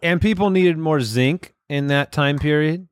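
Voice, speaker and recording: A man joking on a comedy podcast in a slightly high voice, wry and playful, leaning on puns. His voice is dry and close, with no room sound. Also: unhurried, smooth, no echo. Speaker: podcast co-host. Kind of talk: casual comedic chat. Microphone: remote call mic.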